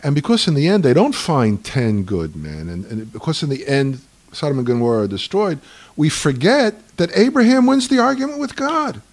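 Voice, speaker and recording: Animated husky man telling stories. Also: a little high, normal speed, hardly any pauses. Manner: lively, argumentative, acts out voices in anecdotes. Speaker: speaker on Jewish tradition. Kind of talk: animated conversational storytelling.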